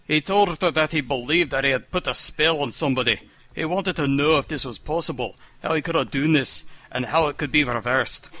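Man, comic reading aloud, deadpan, measured, bright tone. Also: mid-range voice, no room sound. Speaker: reader.

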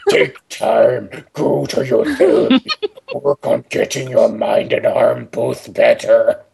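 A man voicing a gruff male ogre who reads out stern advice in a lecturing way. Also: medium pitch, huge pitch swings, a crowd in the background, full character voice. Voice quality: gravelly, slow. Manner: reads aloud sternly, lecturing, stifling laughter. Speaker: podcast co-host. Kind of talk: comedic reading of an online post.

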